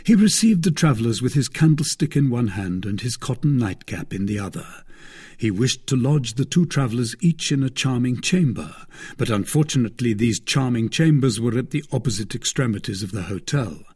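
A man narrating a classic adventure novel in a steady, even reading voice. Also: mid-range voice, brisk, slightly rough. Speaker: audiobook narrator. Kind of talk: scripted narration.

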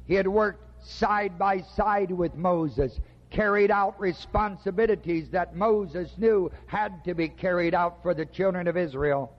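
Slow, emphatic preacher in echoing hall. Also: male voice, sits high. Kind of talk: sermon. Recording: dull lo-fi recording with long hall reverb.

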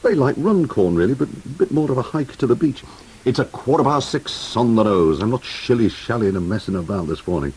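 A man's voice: fairly low pitch, brisk, a little mellow, slightly rough, low-quality recording. A man hosting an early-morning radio show, chatting with whimsical, teasing asides between records. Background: music playing under the voice.

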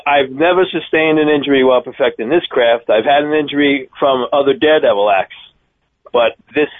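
A man in his fifties with a deep Long Island accent, chatting by phone as a circus daredevil guest. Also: no room sound. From Long Island, New York. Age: 50s. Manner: chatty, animated storyteller. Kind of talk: phone-in interview. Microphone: telephone. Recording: tinny phone line.

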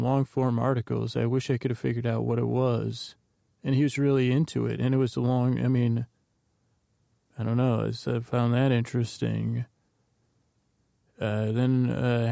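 A man with a gravelly, mellow voice, ambling through a recap of his notes. His pitch stays flat and unhurried, and the recording is dry and close. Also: no echo. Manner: meandering, reads his notes aloud with asides. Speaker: podcast host. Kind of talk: rambling episode recap from notes.

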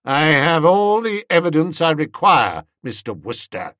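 A pompous elderly gentleman, indignant and starchy, as a male narrator puts him on for an audiobook. The voice swings lively in pitch, recorded close and dry with no room sound. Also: a little slow, no echo. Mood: stiff. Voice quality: stiff, indignant, formal. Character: older pompous magistrate-type gentleman, stern host. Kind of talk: audiobook character voice.

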